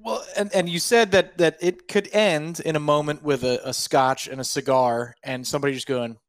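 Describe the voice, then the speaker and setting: A man's voice: a little high, fairly even intonation, normal speed, no room sound. A man co-hosting a sports talk show, chatting with dry, wry jokes. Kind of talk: casual chat.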